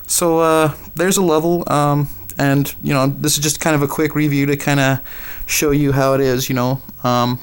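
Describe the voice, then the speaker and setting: A man with a Minnesota accent giving a casual game review with commentary, halting often with ums and uhs. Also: on the high side, little pitch movement, clear, resonant tone.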